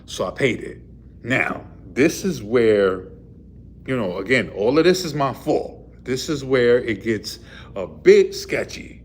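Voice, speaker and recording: A man's voice: medium pitch, animated, slow pace, a little hiss or hum. A man, a truck driver, casually retelling a run-in with the police, rambling and full of fillers. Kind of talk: casual storytelling vlog. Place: in a vehicle.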